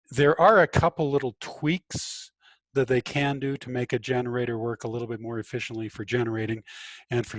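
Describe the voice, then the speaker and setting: A middle-aged man teaching a high school physics class online from home, relaxed and chatty with frequent fillers. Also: no room sound. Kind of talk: casual online class lecture.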